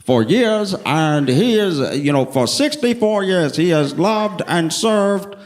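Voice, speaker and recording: A man voicing a halting, rambling supporter at a press conference, in a stand-up bit. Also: high-pitched, lively intonation, voice pushed up. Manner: halting, repetitive, slow. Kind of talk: stand-up impression.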